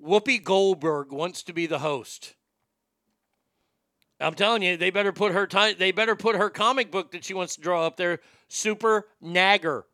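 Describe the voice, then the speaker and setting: A talk show host with a bright, clear and crisp voice tells stories in a loose, wry style and swears now and then. The sound is close and dry, with no room around it. His voice sits a little higher than most men's. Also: normal speed, no echo. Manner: animated, wry storyteller who swears freely. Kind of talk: casual storytelling and chat.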